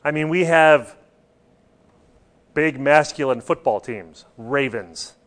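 A man's voice: a little high, slow pace, a bit bright. A man preaching a sermon, stressing points and putting questions to his listeners. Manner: rhetorical questions to the congregation, emphatic.

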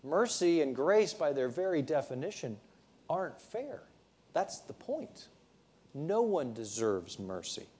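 A man's voice: a little high, very animated, a little slow, a little mellow, slightly rough. A male preacher giving a sermon, retelling the story conversationally with frequent restarts.

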